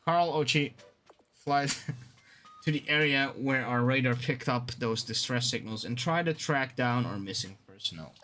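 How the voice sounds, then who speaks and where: Rescue-ship captain giving orders to a new recruit, as a man reads it aloud, bright tense voice, steady briefing tone, game dialogue. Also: mid-range voice, a little slow, soft background music.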